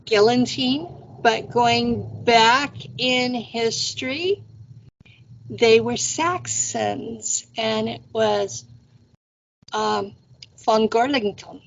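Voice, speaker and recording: Slow gravelly-voiced woman host. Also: fairly high pitch, a little hiss or hum. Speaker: podcast host. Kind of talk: casual chat. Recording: dull lo-fi audio.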